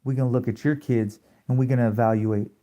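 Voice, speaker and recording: A man's voice: mid-range voice, fairly even intonation, fast, dark tone. A man ranting on a late-night livestream, confrontational and preachy, firing off rhetorical questions and swearing freely. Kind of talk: late-night rant to a live audience. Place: at home at night.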